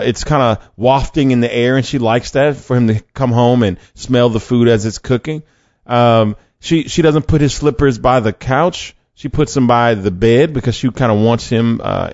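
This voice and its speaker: A man's voice: medium pitch, darkish tone, dry recording, highs cut off. A man hosting a faith podcast, talking conversationally with fillers, restarts and rhetorical questions. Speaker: podcast host.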